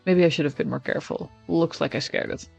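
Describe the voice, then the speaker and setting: A man's voice: a little high, fairly even intonation, fast talker, vocal fry, husky, faint music behind. A man streaming, reading a text game aloud in first person with casual, wry asides. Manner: casual, wry asides between narrated lines.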